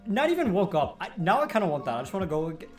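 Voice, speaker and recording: A man's voice: sits high, big pitch swings, rapid-fire, soft background music. A young man co-hosting a podcast, chatting casually, swearing and laughing often. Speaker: podcast co-host. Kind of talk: casual comedic chat.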